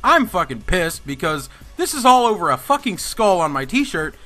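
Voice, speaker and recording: A man's voice: high voice, normal speed, soft background music. A young man hosting a gaming channel, telling a story in an indignant, swearing rant. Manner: animated, indignant ranting with heavy swearing. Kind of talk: storytime vlog over gameplay.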